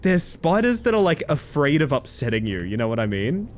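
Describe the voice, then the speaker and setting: A man streaming a game from home and chatting casually in a rambling, animated way. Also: on the high side, a little fast. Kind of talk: casual chat while gaming.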